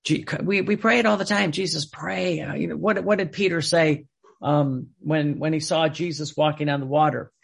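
A male preacher with a gravelly, husky voice pitched a little high. He preaches emphatically, repeating phrases and restarting sentences as he builds his point. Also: steady tone, normal speed. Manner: repetitive, emphatic, with many restarts. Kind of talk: sermon.

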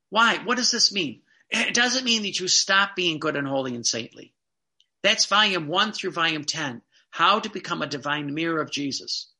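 A man's voice: on the high side, expressive, a little slow, pushed and bright. A man giving a fervent devotional sermon, emphatic and repetitive, often repeating phrases for stress. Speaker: preacher.

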